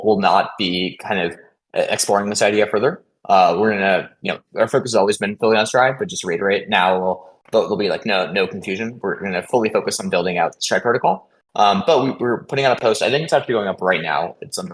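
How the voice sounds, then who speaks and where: Guy on a community call, lowish voice, talks fast, lots of ums and restarts. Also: poor audio. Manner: hesitant, many fillers and restarts; fast, caffeinated talk. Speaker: protocol contributor hosting a community call. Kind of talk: casual community call update.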